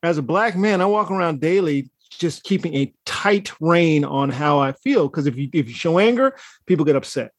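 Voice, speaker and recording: A man in casual conversation, telling stories in a heated, animated way with plenty of swearing. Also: a little high, moderate pace, dry recording, clean studio sound. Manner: animated, profane, heated storytelling. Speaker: podcast co-host. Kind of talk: casual chat.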